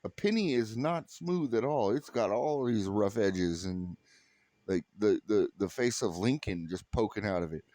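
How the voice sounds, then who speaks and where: A man's voice: on the low side, lively intonation, measured pace, warm tone, no echo. A middle-aged American man doing a stand-up comedy set, ranting profanely and in exasperation, stumbling over restarts and acting out voices he quotes. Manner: acts out quoted voices mid-rant.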